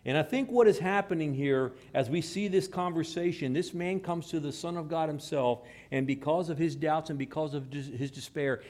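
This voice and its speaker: A man preaching a sermon, moving between hushed, slow passages and raised, emphatic ones. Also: a little high. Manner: dramatic shifts between hushed and raised delivery. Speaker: pastor.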